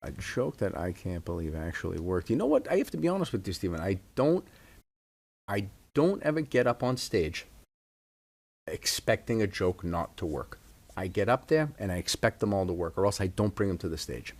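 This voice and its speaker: A man's voice: deep voice, very animated, moderate pace. A man, a stand-up comedian telling stories in a casual interview with easy chuckles. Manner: laid-back storytelling with chuckles.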